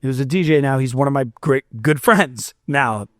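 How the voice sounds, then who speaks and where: A man's voice: medium pitch, normal speed, fairly bright tone, no room sound, studio quality. A young man from Florida, a musician guest on a podcast, telling a long rambling story with restarts and quoted dialogue. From Fort Myers, Florida. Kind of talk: storytelling in a casual podcast interview.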